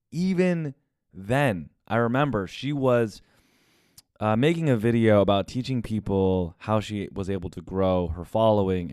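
A man's voice: fairly low pitch, darkish tone, clean tone, no room sound, studio quality. A young man from the United States hosting a casual podcast monologue, talking candidly and confessionally and swearing often. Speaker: podcast host.

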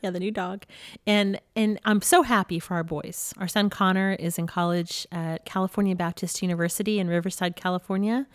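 A woman's voice: fairly low pitch, steady tone, brisk. A woman in her forties sits in casual conversation with her husband, speaking candidly about hard years. She tells her stories with animation, acting out old exchanges and laughing along the way. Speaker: podcast co-host, ministry leader.

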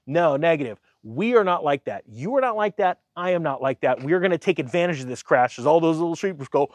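Man, sarcastic finance rant, lively swooping pitch, higher voice, dry close sound. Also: quick pace, hardly any pauses, no echo. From United States. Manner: animated, sarcastic, mocking voices for others. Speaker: finance commentator. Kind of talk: casual rant commentary.

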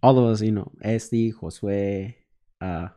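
A man's voice: fairly low pitch, unhurried, dark tone. A young man from El Salvador, a podcast co-host, telling a story in casual chat, acting out quotes and laughing often.

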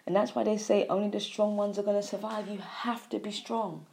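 A woman giving a spiritual monologue, repeating phrases in a preachy way, sighing and swinging between soft and loud. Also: medium pitch, fairly even intonation, brisk, creaky. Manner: repetitive, preachy, with sighs and emphatic swings in loudness. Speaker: spiritual speaker.

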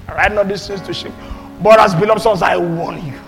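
A high-pitched man preaches from the pulpit, reading scripture aloud and swinging between forceful emphasis and near-whispered asides. His voice rings with long hall reverb, and faint music plays under him. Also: a little fast. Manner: emphatic, swings between loud and hushed delivery. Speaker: pastor.

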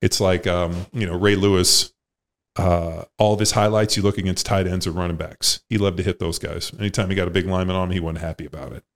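A man with a very low voice hosts a podcast in loose, casual conversation. He speaks bluntly, swears a lot and wanders through his points with plenty of restarts. His tone is that of a former player telling it straight. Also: fairly even intonation, quick pace. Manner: blunt, profane, rambling.

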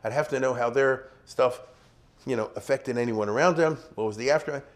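A man's voice: medium pitch, brisk. A middle-aged man giving a casual history lecture, keeps checking in with his students and acting out small examples. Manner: conversational, checks in with "you see?" and "you get it?".

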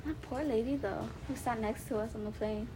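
A young woman chats casually as a podcast co-host, telling her stories by acting out what other people said. Her voice is fairly high. Light noise hisses behind the recording. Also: brisk, warm tone. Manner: tells stories by quoting others. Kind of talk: casual chat.

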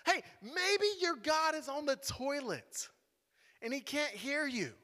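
A man's voice: extremely high pitch, sing-song, slow, sharp tone, voice pushed up, heavily acted. A man voicing a bold male prophet who mocks his rivals, in an echoey hall. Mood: mocking. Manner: taunting, mocking.

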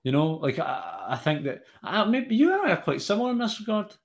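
A man's voice: high voice, wildly swooping pitch, fairly quick. A young man with a mild Glaswegian Scottish accent, co-hosting a podcast in casual, rambling chat. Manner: rambling, self-interrupting, jokey. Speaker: podcast co-host.

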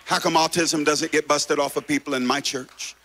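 A male pastor preaching a revival sermon with a bright, forceful tone. He swings between loud shouting and hushed, quiet stretches, driving each point home with passion. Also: on the high side, steady tone, normal speed.

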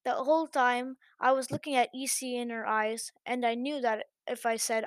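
A woman narrating an online story as the host of a channel, in a lively, chatty manner. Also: fairly high pitch, normal speed, hardly any pauses, no echo.

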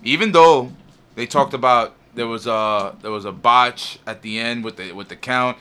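A man co-hosting a casual podcast, talking in an animated, slangy way and laughing often. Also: medium pitch, moderate pace, smooth. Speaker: podcast co-host. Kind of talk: casual chat.

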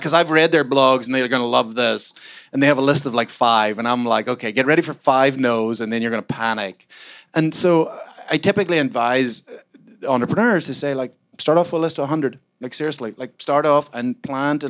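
A man from Scotland, a startup founder, answering onstage interview questions in a rambling, animated way full of fillers and self-mocking asides. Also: medium pitch. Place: event room with a live audience.

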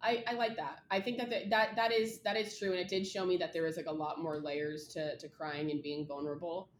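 Candid young woman, low voice, echoey room. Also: fairly even intonation, a little fast, a little hiss or hum. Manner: candid, rambling, lots of "like". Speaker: podcast co-host. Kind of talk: casual chat.

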